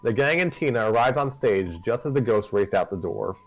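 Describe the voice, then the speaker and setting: A man's voice: mid-range voice, animated, a little fast, soft background music, rough recording. A man hosting and reading a story aloud live, narrating conversationally with self-corrections. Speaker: story reader and host.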